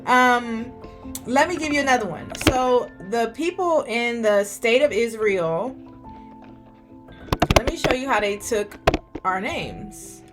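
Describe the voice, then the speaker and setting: A woman's voice: on the high side, expressive, a little slow, loud music behind the voice. A woman vlogger giving a preachy bible study talk, often checking in with "okay?". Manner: preachy, keeps asking "okay?".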